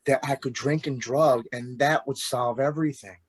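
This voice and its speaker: A man's voice: medium pitch, fairly even intonation, moderate pace, breathy edge, no room sound. A man in his forties telling his own recovery story as a guest, earnest and emotional. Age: 40s.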